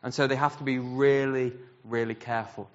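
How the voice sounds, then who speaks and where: A man preaching a sermon, telling a story in an animated way and acting out the voices he quotes. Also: mid-range voice, fairly quick. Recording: dull sound with long hall reverb.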